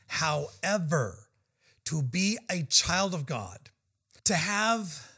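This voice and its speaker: A man's voice: fairly high pitch, a bit bright. A man preaching a verse-by-verse sermon in an earnest, emphatic way, walking through numbered points.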